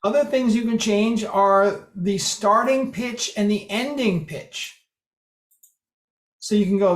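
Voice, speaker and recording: Chatty high-voiced man in a roomy space. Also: unhurried. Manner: chatty, dry humor, mimics phrases. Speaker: presenter demonstrating speech software. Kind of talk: casual group meeting talk. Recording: roomy echo.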